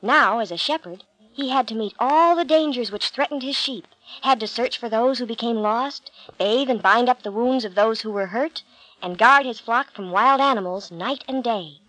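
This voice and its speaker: Calm woman reading a Bible story. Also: on the high side, moderate pace, dry recording, low-quality recording.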